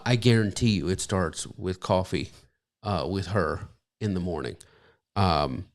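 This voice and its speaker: Low-voiced man rambling warmly at home. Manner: rambling, emotional, many fillers. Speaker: pastor and podcast co-host. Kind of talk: casual live-stream chat. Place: home bedroom.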